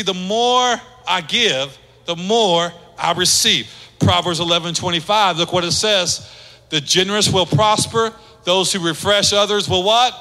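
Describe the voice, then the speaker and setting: Pastor, male, high bright voice, casual preaching with acted-out quotes, church hall reverb. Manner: conversational preaching, acts out quoted speech. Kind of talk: sermon.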